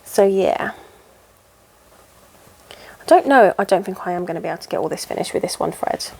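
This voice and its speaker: A woman's voice: on the low side, lively intonation, fairly quick, vocal fry, darkish tone. A woman in casual chat while she stitches, rambling and poking fun at herself. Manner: rambling, chatty and self-deprecating. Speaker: cross-stitch vlogger.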